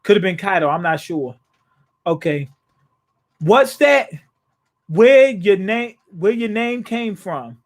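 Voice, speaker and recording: High-voiced man reacting casually to a comic. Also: lively intonation, unhurried. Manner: casual, slangy, paraphrases scenes in his own words; frequent restarts and chuckles. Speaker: manga reaction host. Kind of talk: live reaction, reading aloud and commenting.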